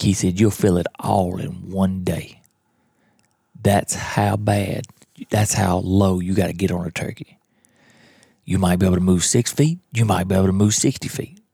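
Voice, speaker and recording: A man's voice: low voice, vocal fry, warm tone, breathy edge, dry recording, clean studio sound. A man, telling a hunting story in a folksy, blunt, drawling way as a podcast host. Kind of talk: storytelling monologue.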